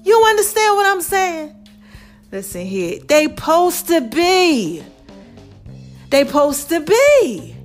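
A woman hosting her own online show, talking casually and warmly to her viewers, calling them "baby" and repeating phrases to drive her point home. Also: very high-pitched, huge pitch swings, takes it slowly, pauses often, faint music behind. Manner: affectionate, calls listeners "baby" and "y'all"; preachy, repeats phrases for emphasis. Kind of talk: casual motivational talk to viewers.

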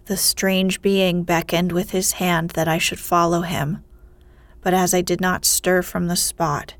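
A woman reading a fairy tale aloud in a soft voice that often drops to a whisper, in whispered storytelling. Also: on the low side, level tone, measured pace, no room sound.

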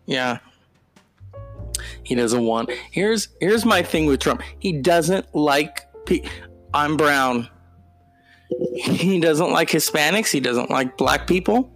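Slow-talking, animated male podcaster. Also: a little high, faint music behind. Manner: animated and digressive, with mock-dramatic outbursts. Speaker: podcast host. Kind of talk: casual solo podcast monologue.

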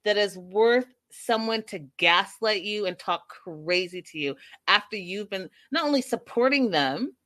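A woman hosting a casual live stream, recapping a reality show in an animated, emphatic, sassy way. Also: mid-range voice, unhurried. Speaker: livestream host recapping reality TV.

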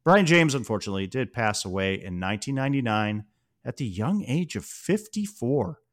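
A man's voice: mid-range voice, big pitch swings, normal speed. A man co-hosting a movie podcast in casual chat, chatty and prone to wandering off on personal tangents. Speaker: podcast co-host.

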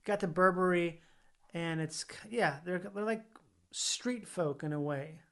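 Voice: medium pitch, unhurried. A podcast co-host chatting casually, rambling through lots of fillers and swearing now and then. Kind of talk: casual chat.

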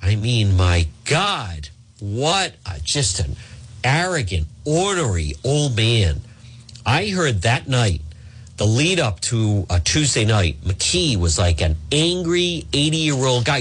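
Male talk radio host, combative political commentary, lively swinging delivery. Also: mid-range voice, unhurried, breathy edge. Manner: combative, emphatic, sarcastic.

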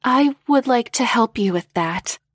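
A woman voicing a nervous, shy young woman of twenty-one with a squeaky, halting voice. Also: lively intonation, no room sound, clean studio sound. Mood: flustered. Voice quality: squeaky, flustered.

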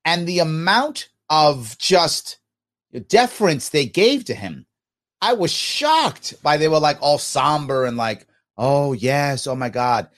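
Animated guy ranting on his podcast, pitch jumps all over, kinda high voice. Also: takes it slowly. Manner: animated and emphatic, with sarcastic asides. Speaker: podcast host reading listener comments. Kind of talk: casual opinionated commentary.

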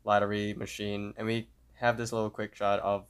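A man's voice: lowish voice, moderate pace, smooth. A man co-hosting a podcast, retelling a cartoon episode scene by scene in a casual way. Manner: steady play-by-play retelling with fillers. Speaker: podcast co-host.

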